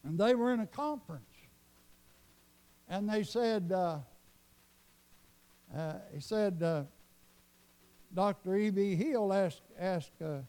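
A man's voice: sits high, lively intonation, slow pace, long pauses, mellow. A man preaching a revival sermon, telling a story fervently and repeating himself as his voice surges up. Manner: fervent, repetitive storytelling with sudden rises.

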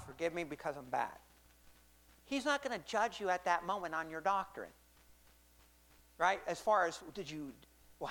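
A man's voice: high voice, bright, forceful tone. Man, casual preacher, restarts a lot and keeps asking "right?". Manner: rambling, self-correcting, checks in with "right?" and "okay?". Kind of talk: conversational sermon.

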